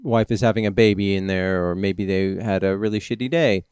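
Teasing low-voiced man. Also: fairly even intonation, brisk, darkish tone, clear, resonant tone, no room sound, clean studio sound. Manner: teasing, interjecting. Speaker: podcast co-host. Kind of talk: casual chat.

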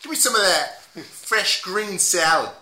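A man putting on a gruff Boston customer. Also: high-pitched, animated, pushed and bright, a little hiss or hum, exaggerated voice. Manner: slow, drawled put-on Boston accent. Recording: roomy echo.

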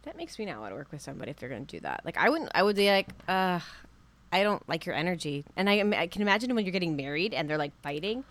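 A woman with a low pitch and a very lively, swooping delivery chats through a show recap. She is expressive and leans on filler words. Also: racing, hardly any pauses. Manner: expressive, chatty, lots of "like". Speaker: podcast co-host. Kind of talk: casual recap chat.

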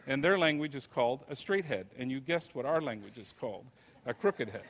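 An older man giving a lecture, telling stories in an unhurried, conversational way. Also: medium pitch, expressive. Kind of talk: anecdotal lecture. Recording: long reverb of a lecture hall.

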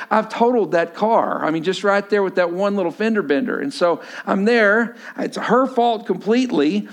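Male pastor in his 40s, higher-pitched voice, animated storytelling sermon. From Texas. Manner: storytelling, acts out voices, drops low and quiet for emphasis.

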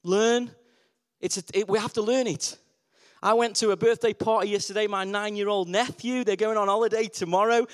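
A man preaching a lively sermon, asking the congregation questions and repeating his key words for emphasis. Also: high-pitched, moderate pace, smooth. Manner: call-and-response questions, emphatic repetition.

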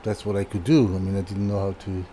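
A man's voice: sits low, steady tone, warm tone, a little hiss or hum. An older man, a furniture designer, telling a casual story as an interview guest, stopping and restarting his sentences often. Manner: halting, with many restarts and repeated words.

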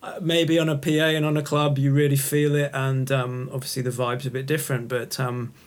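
A man's voice: medium pitch, level tone, brisk. A man hosting a podcast, chatty and agreeable in casual conversation. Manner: chatty, agreeable, laughs easily. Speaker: podcast host.

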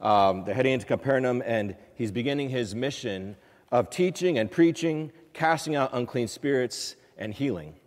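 A priest speaks a Sunday homily in a loose, conversational way, pausing on fillers and restarting phrases. His voice sits at an ordinary middle pitch. The church's long reverb trails behind every phrase. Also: lively intonation.

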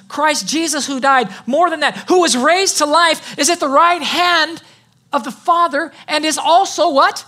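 A high-pitched, bright-toned pastor preaching with punch and rhythm. The voice rises on declarations, calls for the congregation's response, then reads scripture aloud. It eases into a softer, lower register for personal reflection. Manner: emphatic preaching with call-and-response. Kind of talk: sermon.

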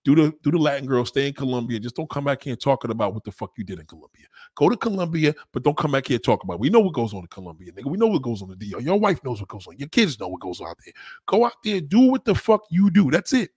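A man's voice: medium pitch, big pitch swings, fast, a little mellow, slightly rough, no room sound. A man talking in a casual, blunt and crude rant, often repeating himself for emphasis. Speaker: monologue speaker.

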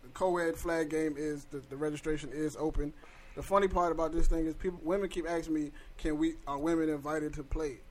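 A man hosting a casual podcast, telling stories in an animated way with heavy slang. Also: a little high, fairly quick, few pauses. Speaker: podcast host.

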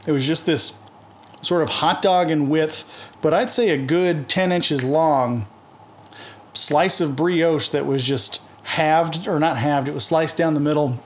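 A man's voice: on the high side, a little slow. A man with a mild Southern American accent, telling rambling, jokey stories in casual chat.

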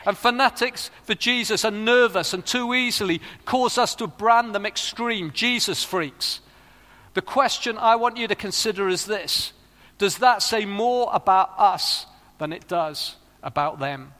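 A man's voice: high-pitched, a little slow, bright, forceful tone. A middle-aged man preaching a sermon, earnest and rising to fervent appeals. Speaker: pastor. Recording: long reverb of a large hall.

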